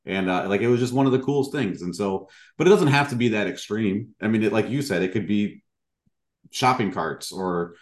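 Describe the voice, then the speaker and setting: A man's voice: fairly low pitch, a little fast. A man hosting a casual interview, talking earnestly in a rambling way with many fillers. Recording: roomy echo.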